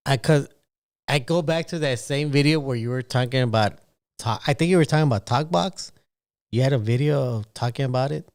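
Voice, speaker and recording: A man's voice: medium pitch, a little fast, darkish tone. A man co-hosting a casual talk show, teasing and firing off questions. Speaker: co-host. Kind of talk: casual chat.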